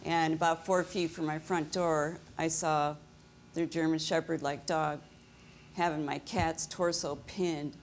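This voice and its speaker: A woman as plaintiff on a TV court show, telling her story to the judge in steady detail. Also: deep voice, unhurried, a little hiss or hum. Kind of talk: courtroom testimony.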